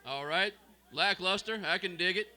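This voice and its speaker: High, bright-voiced Southern comic. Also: male voice, normal speed, soft background music. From Mississippi, US South. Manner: profane, deadpan, teasing the crowd. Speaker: stand-up comic. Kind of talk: open-mic stand-up set. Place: small club stage.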